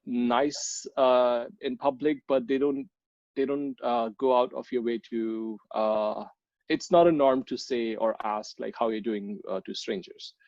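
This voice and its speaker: A man's voice: medium pitch, fairly even intonation, measured pace, a little mellow, no echo. Hesitant young man from India, muffled. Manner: hesitant, many ums and restarts. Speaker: podcast guest. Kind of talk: casual interview chat. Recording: dull, dry lo-fi sound.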